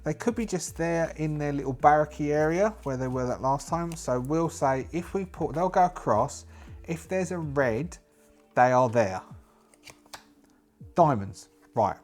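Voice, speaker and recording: A man's voice: on the high side, expressive, measured pace, a little mellow, soft background music. A man narrating a solo tabletop game, musing and thinking aloud as he plays.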